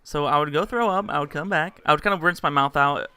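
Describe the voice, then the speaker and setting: A man's voice: fairly high pitch, fast talker, sharp tone, smooth, no room sound. A young man casually telling a rambling story to camera, full of fillers and acted-out quotes. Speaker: vlogger.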